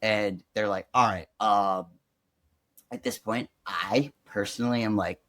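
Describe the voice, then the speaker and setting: A young man with a fairly low voice tells his story as a podcast guest, loose and conversational, dropping "like" into nearly every phrase. He grew up in Chicago. The sound is close and dry, with no room around it. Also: unhurried, dry recording. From Chicago, USA. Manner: chatty, peppered with "like", animated retelling.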